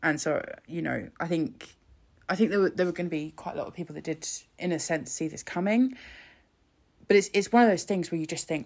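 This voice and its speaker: A woman's voice: low-pitched, lively intonation, fairly quick, vocal fry, darkish tone. A young woman hosting a solo podcast, chatty and sweary, rambling with frequent restarts. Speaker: podcast host.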